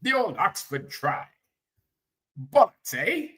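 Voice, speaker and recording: A man putting on an exaggerated posh British gentleman who is indignant and prim. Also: sits high, very animated, takes it slowly, voice pushed up, heavily acted. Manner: huffy, prim exclamations.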